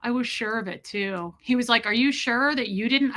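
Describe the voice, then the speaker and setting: Chatty woman vlogging, bright slightly high voice, jokey and dramatic. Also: moderate pace. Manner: chatty, self-mocking, bursts into loud dramatic outbursts. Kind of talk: casual chat.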